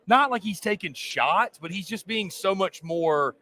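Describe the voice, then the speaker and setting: A man's voice: sits high, animated, a little slow, pushed and bright. Casual male sports talk co-host. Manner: conversational, loose, with fillers and restarts.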